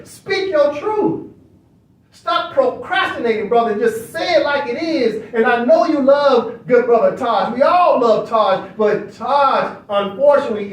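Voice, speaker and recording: A man with a very high voice hosts a study session and lectures in a casual, preachy way. He keeps circling back with rhetorical questions. He sits well back from the mic in a room that rings with echo. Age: adult. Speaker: online study session host. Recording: echoey room, far from mic.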